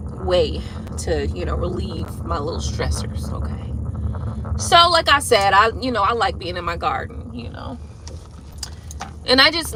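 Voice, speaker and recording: A woman chatting casually and venting in a car, profane and animated, with frequent laughs. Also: medium pitch, background noise. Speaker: tarot reader vlogger. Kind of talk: casual venting chat while driving.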